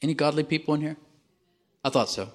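Man preaching a lively sermon. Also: a little high, fast. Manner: animated, calls for amens from the congregation; swings from emphatic to quiet and drawn out.

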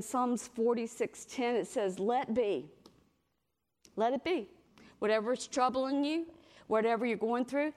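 Middle-aged lady preaching, lively storyteller, acts out the voices in her stories. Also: fairly high pitch. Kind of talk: sermon.

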